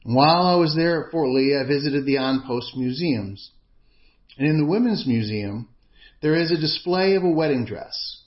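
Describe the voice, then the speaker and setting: A man preaching a sermon in an earnest, measured, emphatic way. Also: on the high side, expressive, lo-fi sound.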